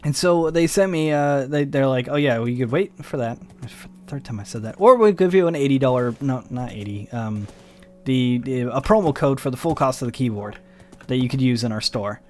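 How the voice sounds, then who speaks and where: A tired, yawning young man hosts a gaming video, rambling through a story as he plays. His medium-pitched voice runs a little fast, and he animatedly acts out both sides of the conversation in a casual way.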